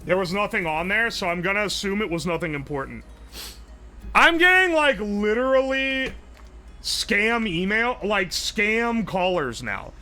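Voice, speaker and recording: A young man live-streaming, chatting casually and thinking aloud while he tinkers, excitable and swearing a lot. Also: high-pitched, unhurried, faint music behind.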